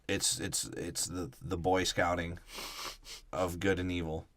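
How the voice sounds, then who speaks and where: A man's voice: low-pitched, little pitch movement, a little slow, a bit bright, dry recording. A man co-hosting a casual podcast, rambling through irreverent jokes and swearing while discussing a film. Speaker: podcast co-host. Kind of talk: casual movie breakdown chat.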